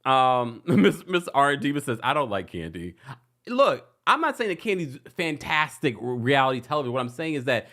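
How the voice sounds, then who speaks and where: A man's voice: mid-range voice, very animated, normal speed, pushed and bright. A man hosting a casual recap stream, laughing often and reading out viewer comments. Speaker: host. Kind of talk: casual recap livestream chat.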